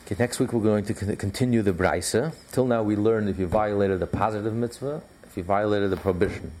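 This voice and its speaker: A man's voice: fairly low pitch, fast, dark tone. A man teaching a recorded Torah class, emphatic and conversational, repeating his points with fillers.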